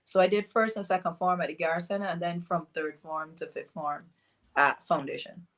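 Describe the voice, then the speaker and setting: A middle-aged woman from East London with a mixed Barbadian and London accent, telling her story as an interview guest, animated and acting out quotes. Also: lowish voice, moderate pace, a crowd in the background. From East London, England. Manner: animated, acts out quotes, many fillers.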